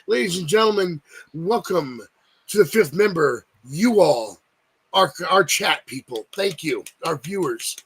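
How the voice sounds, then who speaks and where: Husky-voiced man hamming up introductions. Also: fairly high pitch, expressive, unhurried. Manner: grandiose mock introductions, teasing. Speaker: podcast co-host. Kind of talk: casual wrestling podcast banter.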